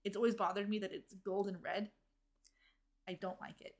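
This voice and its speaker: A woman co-hosting a relaxed recap chat. She sounds tired and wry, with quick asides and a mid-range voice. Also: mid-range voice, slight background noise. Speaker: podcast co-host recapping a TV episode. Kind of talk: casual chat.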